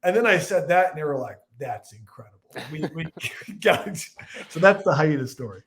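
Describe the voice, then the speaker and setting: A man in his forties from Illinois, a football analyst telling stories as a podcast guest, rambling and animated. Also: a little high, brisk. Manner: animated, rambling storyteller with restarts and voiced quotes. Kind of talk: casual storytelling chat.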